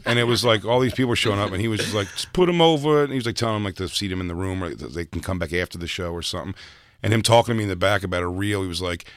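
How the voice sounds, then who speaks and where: A man's voice: low-pitched, very fast, no room sound. A man co-hosting a casual chat show, telling rambling, filler-heavy stories as a stand-up comedian. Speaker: podcast co-host and stand-up comedian.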